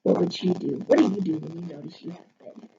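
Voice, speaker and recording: A woman teacher reading a picture book aloud to her third grade class, pausing to ask the children questions. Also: fairly low pitch, gravelly. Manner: expressive storyteller, pauses to ask the class questions. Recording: dull lo-fi audio with noticeable noise.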